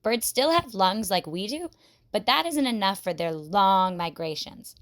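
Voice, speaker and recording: A woman educator giving scripted science narration in a clear, explanatory way. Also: medium pitch, animated, a little slow.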